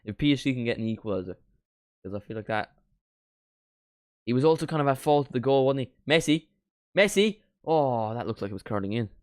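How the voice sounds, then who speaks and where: A young man doing a live football watchalong, reacting to the match and chatting with viewers, bursting into shouts at big moments. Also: mid-range voice, quick pace, pauses often, dry recording, studio quality. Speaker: watchalong streamer.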